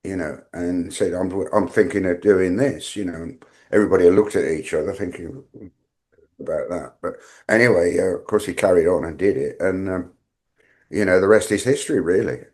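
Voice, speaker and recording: An older man with an English accent and a fairly low voice tells backstage stories as an interview guest. He rambles along with plenty of fillers and restarts. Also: a little fast, darkish tone. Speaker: guest, veteran tour manager. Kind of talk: anecdotal interview storytelling.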